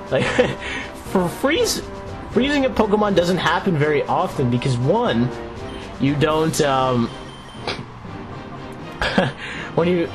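A man casually commenting on his own video game play, chatty and excitable, laughing often. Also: fairly high pitch. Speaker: Let's Play host. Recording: game music playing underneath. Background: video game music.

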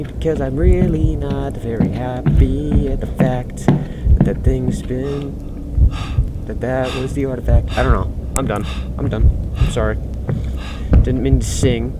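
A man's voice: mid-range voice, expressive, slow pace, pauses often, very noisy. A man giving rambling, jumpy commentary on a horror game he is playing, yelping when startled. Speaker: gaming YouTuber. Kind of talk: let's play commentary.

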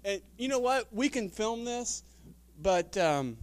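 A man leading a retreat seminar, casually reading a children's story aloud to a crowd, halting and self-deprecating with many fillers. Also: high-pitched, lively intonation, clear, resonant tone, dry recording. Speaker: retreat speaker.

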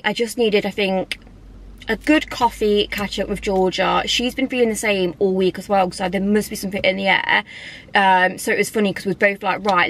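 A woman's voice: mid-range voice, a bit bright. Chatty, candid young woman vlogger. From England. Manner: chatty and candid, lots of fillers. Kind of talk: casual chat to camera.

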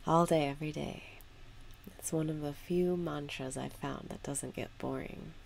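A woman guiding a meditation with calm, unhurried spoken instructions. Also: deep voice, vocal fry, slight background noise. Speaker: meditation guide. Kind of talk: guided meditation.

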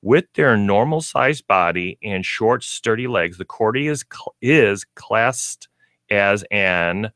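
A man co-hosting a casual pet radio show, reading aloud haltingly and stumbling over hard words. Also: fairly low pitch, animated, fairly bright tone, no echo, clean studio sound. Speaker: co-host, pet store representative.

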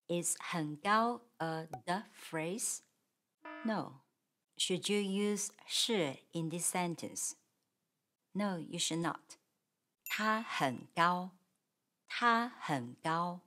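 Slow, patient female Mandarin teacher. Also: lowish voice, fairly bright tone. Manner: slow, clear, patient explanation with model sentences. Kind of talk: grammar lesson.

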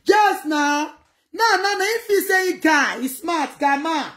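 A Nigerian woman chatting casually to her viewers on a livestream, in an animated way that mixes pidgin with another local language. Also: very high-pitched, slow. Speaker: livestream host.

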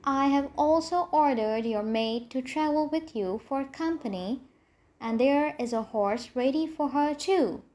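A woman's voice: high voice, a little slow, a little mellow. A woman doing a caring queen mother. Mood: earnest. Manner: earnest, cautioning.

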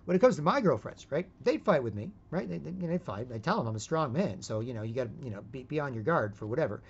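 A man's voice: medium pitch, very animated, fast, vocal fry, dull audio, slight background noise. A man rambling in a casual monologue, repeating words and tagging his sentences with 'right?'. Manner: rambling, repeats words and asks 'right?' often, switches into put-on quotes. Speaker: vlogger.

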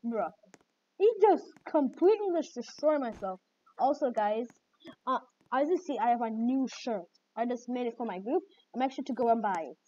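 A woman hosting gameplay commentary, excitable and reacting with repeated exclamations. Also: a little high, normal speed. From Jamaica. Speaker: gaming channel host. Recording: dull lo-fi mic with faint noise.

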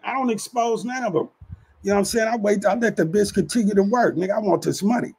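A man with a fairly high, gravelly voice tells a street story in a loose, casual way. His talk is husky and rough-edged, heavy with profanity. He keeps checking in with the listener, asking if they follow. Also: quick pace, darkish tone. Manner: profane, streetwise, keeps asking "you know what I'm saying". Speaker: channel host telling street stories.

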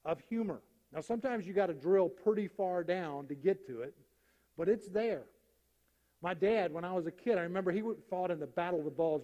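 A man preaching a sermon, telling humorous stories and acting out the punchlines. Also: high-pitched. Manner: animated storyteller acting out jokes. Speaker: pastor. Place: church sanctuary. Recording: church hall reverb.

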